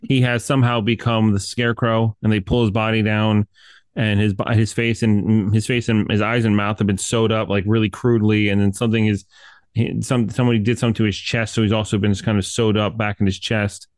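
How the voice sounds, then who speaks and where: A man's voice: on the low side, level tone, brisk, no echo. A man chatting casually about a horror film, rambling with lots of fillers and swearing. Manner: rambling, many fillers, profane. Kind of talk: casual movie review chat.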